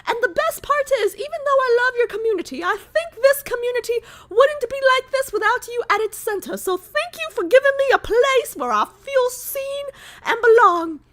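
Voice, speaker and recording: A woman's voice: very high voice, animated, drawn-out words, few pauses, bright, forceful tone, pitched above the performer's own voice, full character voice. A woman reading a fan letter aloud in a silly put-on accent, playing a gushing fan. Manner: exaggerated put-on accent, sing-song.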